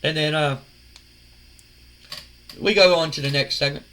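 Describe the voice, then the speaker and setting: A man's voice: fairly high pitch, fairly even intonation, a little slow, sharp tone. A man, casually recounting a wrestling management game as a rambling storyteller who acts out quoted lines. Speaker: game commentator. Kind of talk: casual play-by-play retelling of a wrestling sim.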